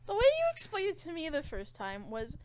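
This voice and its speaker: A woman with a high voice chats casually with friends on a podcast. She teases and laughs her way through retelling a story. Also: huge pitch swings, fairly quick, slight background noise. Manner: teasing, laughs easily. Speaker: podcast co-host. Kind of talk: casual chat.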